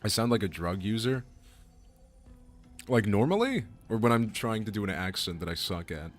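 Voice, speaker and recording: A man's voice: fairly low pitch, very animated, moderate pace, faint music behind. A man streaming as a voice actor, chatting casually, joking and rambling and swearing freely. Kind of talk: casual livestream chat.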